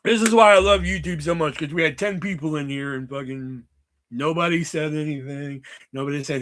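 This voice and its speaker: A man's voice: fairly high pitch, fairly quick, a bit bright. A man hosting a livestream, chatting casually about movies in a rambling, sarcastic way full of swearing. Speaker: livestream host.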